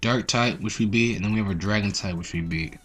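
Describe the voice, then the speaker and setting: A teenage boy talks over his gameplay in a loose, rambling way, and his fairly low voice jumps up when a story gets going. Soft game music plays behind him. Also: brisk, husky. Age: teens. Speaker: gaming channel host. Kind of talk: casual gameplay commentary.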